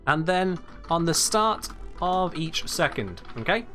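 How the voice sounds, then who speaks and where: A man's voice: on the high side, sing-song, slow, pushed and bright, soft background music. A young man explaining game mechanics on a live stream, emphatic and blunt when he answers chat.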